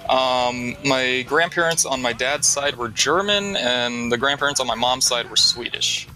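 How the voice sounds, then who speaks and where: An American man talks in a relaxed, easygoing way. His voice is bright and forward, at a middle pitch. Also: unhurried, soft background music, rough recording. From USA. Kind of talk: casual chat.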